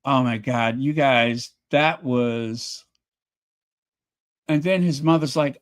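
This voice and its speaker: A man casually recapping a period drama episode, telling the story with animated asides and playing out the characters' lines. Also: slow pace, long pauses, smooth. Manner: animated storytelling, acts out quotes with rising pitch. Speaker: show reviewer.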